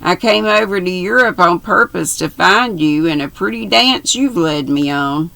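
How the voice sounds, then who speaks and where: A woman's voice: lowish voice, moderate pace, vocal fry, bright, forceful tone, no echo. A woman voicing a brash, slangy young American man reading from a novel. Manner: slangy, breezy.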